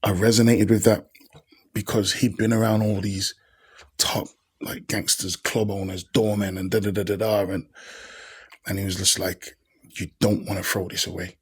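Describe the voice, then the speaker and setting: A husky, low-voiced man, a podcast guest sharing stories in an easy, conversational way. He talks in slang and brings the people in his stories to life by voicing them. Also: normal speed. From Birmingham, England. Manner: animated, slangy storyteller who acts out quoted people. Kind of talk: casual interview storytelling.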